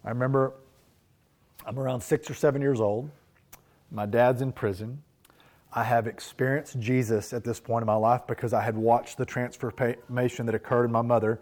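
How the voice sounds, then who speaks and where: A man's voice: mid-range voice, steady tone, normal speed, darkish tone. A man preaching a sermon, telling personal stories in an earnest, reflective way. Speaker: pastor.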